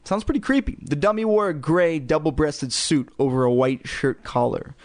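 A man's voice: a little high, lively intonation, normal speed, a little mellow, no room sound. A man reading a children's horror novel aloud, breaking off for sarcastic, joking asides. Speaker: audiobook reader.

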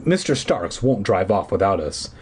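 Calm reassuring big sister, read by a man. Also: sits low, moderate pace, a little hiss or hum. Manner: reassuring, a bit teasing. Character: girl, calm older sister, teasing.

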